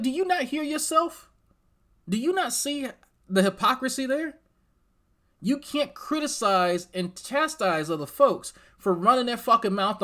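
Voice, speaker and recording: A man's voice: high-pitched, a bit bright. A man hosting reaction commentary, swearing and mocking as he talks straight at the person in the clip. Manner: profane, mocking, talks straight at the clip's subject. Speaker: commentary channel host.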